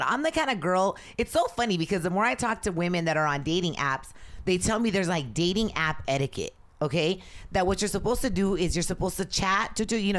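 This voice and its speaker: A woman co-hosting a podcast in casual chat. She tells stories with energy and acts out what other people said. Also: on the low side. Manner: lively storytelling, acts out others' lines; says she is loud. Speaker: podcast co-host.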